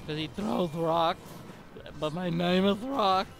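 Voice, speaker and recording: A man giving excitable gameplay commentary while sick with a bad cough, breaking into frequent exclamations. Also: high-pitched, slow pace, vocal fry, soft background music. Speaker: gamer.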